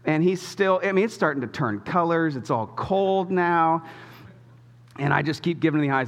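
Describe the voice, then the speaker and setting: A male pastor in his thirties delivering a sermon in a church auditorium, his voice a touch higher than most men's. He tells a family story casually and with animation, poking fun at himself, and a long reverb from the hall hangs on each phrase. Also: a little fast.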